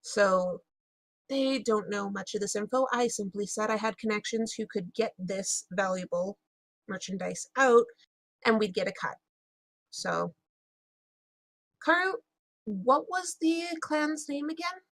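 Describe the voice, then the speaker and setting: A woman's voice: medium pitch, a little slow, gravelly, pauses often, a bit bright, no room sound. A woman playing a tabletop role-playing game in character, talking with frequent hesitations and fillers. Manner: hesitant, many fillers and restarts. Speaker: player.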